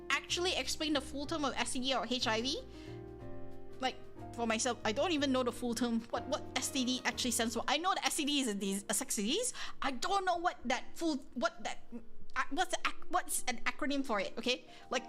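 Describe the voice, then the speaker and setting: A woman's voice: high-pitched, a little fast. A woman hosting a live stream, chatting casually with viewers, rambling, breaking off mid-sentence and often laughing as she talks. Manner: animated, rambling, frequent self-interruptions and exclamations. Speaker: livestream host. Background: soft background music.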